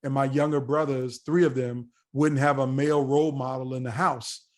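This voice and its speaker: A man in his forties, a podcast guest telling a story in a casual, animated way and acting out the dialogue. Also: mid-range voice, moderate pace. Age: 40s. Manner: animated, acts out quoted dialogue.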